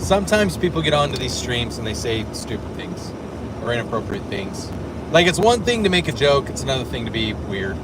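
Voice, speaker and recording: A man's voice: medium pitch, very animated, fairly quick. Chatty man streaming from a car. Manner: chatty, moderating his stream chat. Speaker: streamer host. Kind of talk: casual livestream chat. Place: car on a road trip. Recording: road noise in a car. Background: car noise.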